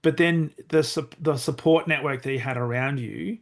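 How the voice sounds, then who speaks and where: A man's voice: a little high, normal speed, gravelly. A middle-aged man hosting a podcast, reflecting on a guest's story and summing up its lesson. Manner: reflective, thinks aloud with restarts. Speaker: podcast host. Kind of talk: podcast interview.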